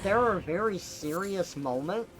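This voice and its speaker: A man's voice: high-pitched, expressive, unhurried, rough recording. A man streaming a video game, chatting casually and rambling with lots of fillers. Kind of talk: casual chat while gaming. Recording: game music behind.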